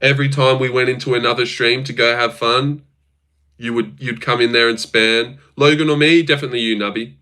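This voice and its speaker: A man's voice: medium pitch, fairly even intonation, fairly quick, pushed and bright, clear, resonant tone. A young man hosting a casual livestream, bantering with his chat in a crude, teasing way and swearing often. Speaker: livestream host.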